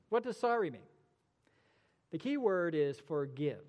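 A man's voice: on the high side, animated, moderate pace, darkish tone. Man preaching in a reverberant hall. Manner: emphatic preaching with rhetorical questions. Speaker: pastor. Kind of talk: sermon.

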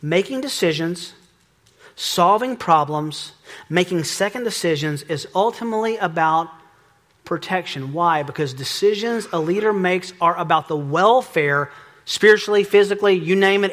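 A middle-aged man preaching a sermon as pastor, lively and joking, acting out little exchanges. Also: high-pitched, normal speed. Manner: lively, joking, acts out dialogue.

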